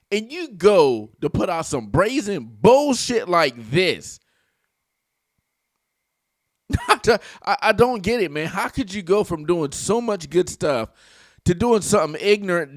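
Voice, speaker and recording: A man doing casual reaction commentary for his channel. He sounds animated and laughs often while talking back at the clip. His voice sits a little high and sounds close and dry. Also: no room sound.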